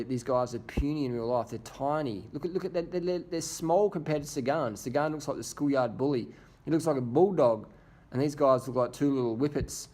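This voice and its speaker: A man runs a casual commentary over bike race footage. He jokes crudely and swears freely, and his voice sits at an ordinary middle pitch. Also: a little mellow. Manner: crude, joking, profane banter. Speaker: video host.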